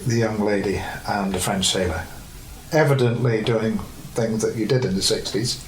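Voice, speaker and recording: A man's voice: lowish voice, normal speed. A man recounting a funny memory from his hotel work in an oral-history interview, chuckling as he tells it. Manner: amused storytelling, laughing. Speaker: former hotel worker. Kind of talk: archive oral-history anecdote. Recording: echoey room with faint background noise.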